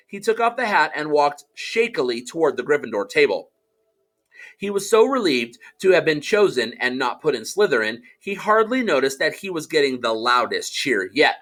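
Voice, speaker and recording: Animated, bright-voiced male audiobook narrator. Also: fairly high pitch, moderate pace. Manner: animated storytelling, does character voices.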